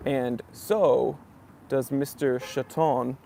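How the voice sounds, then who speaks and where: A young man from New Hampshire chats through a casual live stream, greeting viewers by name. His voice sits at a middle pitch with a gravelly fry. He keeps a loose, talkative host manner. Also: fairly even intonation, extremely slow, mellow, a little hiss or hum. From southern New Hampshire.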